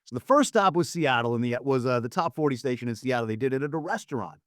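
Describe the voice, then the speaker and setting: A man telling a story in a casual podcast chat, animated and acting out the people he quotes. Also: quick pace, no room sound, studio quality. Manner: animated, acts out quotes with big pitch jumps. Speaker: former record promotion man, guest storyteller.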